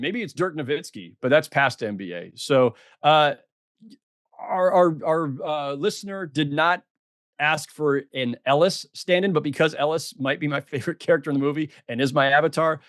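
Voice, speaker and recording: A man's voice: fairly high pitch, animated, moderate pace, fairly bright tone, no room sound, studio quality. A middle-aged man co-hosting a podcast, chatting casually and self-deprecatingly with lots of fillers and restarts. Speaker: podcast co-host.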